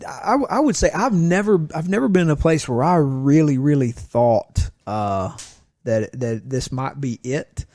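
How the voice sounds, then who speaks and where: A man in his forties, a pastor guest on a podcast, telling lively stories from his travels and acting out the people in them. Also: medium pitch, measured pace, hardly any pauses, no echo. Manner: lively storyteller who acts out the voices in his stories. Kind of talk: casual storytelling chat.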